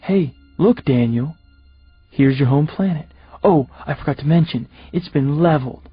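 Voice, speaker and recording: A man voicing a smug, mocking male alien overlord with an English accent, gloating in slow, drawn-out taunts. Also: on the high side, slightly rough, no echo, dull audio, faint music behind.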